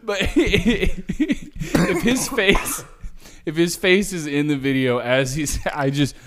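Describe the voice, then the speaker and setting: A man's voice: fairly high pitch, takes it slowly, a bit bright. A man co-hosting a podcast who laughs hard and breaks off his sentences. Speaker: podcast co-host. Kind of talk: casual chat.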